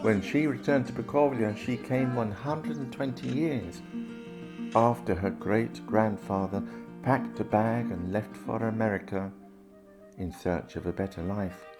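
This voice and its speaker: A man giving calm, measured scripted narration for a documentary film, with guitar music underneath. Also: fairly low pitch.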